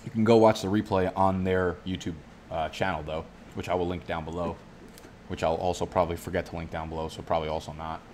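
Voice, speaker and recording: Male streamer, low voice, loose and profane, tangent-prone chat. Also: steady tone, quick pace, a little mellow, slight background noise. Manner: profane, rambling, goes off on tangents. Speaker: fantasy football youtuber. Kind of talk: casual live-stream commentary. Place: home studio.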